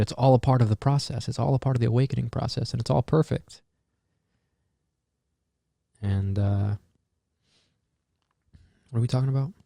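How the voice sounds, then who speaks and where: A man talking through a casual solo podcast monologue in a mellow, warm voice. He rambles and muses, drops casual swearing and trails off into fillers and restarts. The sound is dry and close, with little room. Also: mid-range voice, fairly even intonation, moderate pace, creaky, long pauses, no echo. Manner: rambling, musing, swears freely. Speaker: podcast host.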